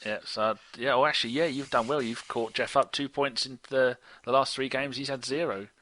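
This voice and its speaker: A man's voice: medium pitch, steady tone, fairly quick, bright, forceful tone. A man co-hosting a football fan podcast, chatting and teasing the others with easy laughter. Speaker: podcast co-host. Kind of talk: casual sports podcast banter.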